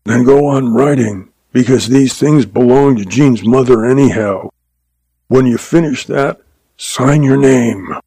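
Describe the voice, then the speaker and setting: A man doing a hoarse gravelly cowboy outlaw. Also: mid-range voice, a little slow, mellow, no echo. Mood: threatening. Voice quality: hoarse, croaking. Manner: threatening, clipped commands.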